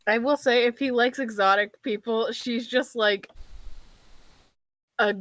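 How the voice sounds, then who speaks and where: A woman player in a tabletop game, chatting about what her character does. Her voice sits fairly high. The sound is dry and close. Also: fairly even intonation, a little slow, fairly bright tone, no echo, poor audio. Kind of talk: describing her character's actions.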